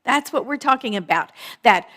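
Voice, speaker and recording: A woman minister preaches a conversational sermon in a slightly high, animated, somewhat bright voice. She repeats phrases for emphasis, slows down on key words and frequently asks "right?"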